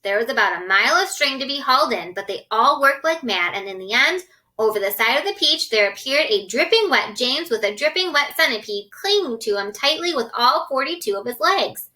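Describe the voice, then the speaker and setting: A woman reading a children's book aloud, narrating expressively and lifting her voice for the characters. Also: brisk. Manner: expressive, lifts pitch for characters' shouts. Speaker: storybook reader.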